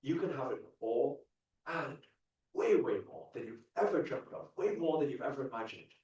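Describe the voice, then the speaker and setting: A man's voice: mid-range voice, moderate pace. Echoey male coach talking to a crowd. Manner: animated, repetitive, chuckles often. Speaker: spiritual coach. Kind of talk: motivational talk to a live audience. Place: large event ballroom. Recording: echoey dull hall sound from far off.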